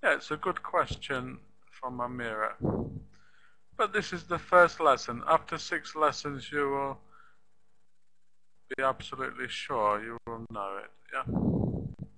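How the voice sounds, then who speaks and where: A man teaching a beginner English lesson, repeating example sentences slowly and tapping out rhythm with "da da da". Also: mid-range voice, vocal fry, sharp tone, low-quality recording. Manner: slow, deliberate, repeats sentences for learners; claps out rhythm with "da da da". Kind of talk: live online language lesson.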